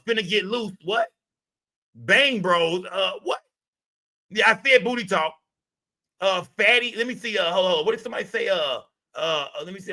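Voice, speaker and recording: A man hosting a livestream, loud and profane, reacting to his chat in casual commentary. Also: high voice. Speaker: livestream host.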